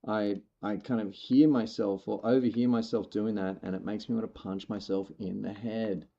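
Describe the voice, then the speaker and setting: A man with a mellow, relaxed voice muses out loud while streaming a game, poking fun at himself and laughing often. His stream audio sounds a little dull and lo-fi, with keyboard clicks behind him. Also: on the low side, moderate pace, vocal fry. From not from the local rural area. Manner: musing, self-deprecating, laughs often. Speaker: gaming streamer. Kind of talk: casual chat while playing.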